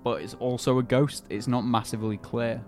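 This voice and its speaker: A man's voice: mid-range voice, fairly even intonation, normal speed, faint music behind. A man hosting a casual chat, telling a story in an easygoing, hesitant way. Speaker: podcast host telling the story.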